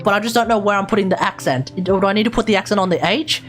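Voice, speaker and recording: A woman's voice: medium pitch, racing, faint music behind. An Australian woman live streaming, thinking aloud as she sounds out and repeats unfamiliar foreign words. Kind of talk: casual live-stream chat.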